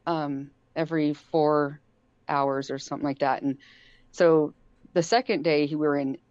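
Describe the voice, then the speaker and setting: A middle-aged woman tells a story in a casual, animated way, often laughing and acting out the lines of the people she talks about. Her voice sits fairly low and sounds dry and close. The sound is dull and lo-fi. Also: moderate pace, smooth, dry recording. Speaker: guest.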